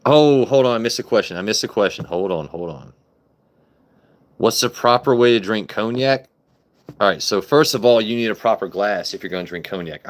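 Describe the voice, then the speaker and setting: A young man hosting a casual phone live stream, joking, swearing and talking back to his viewers' comments. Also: lowish voice. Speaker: livestream host. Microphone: phone camera.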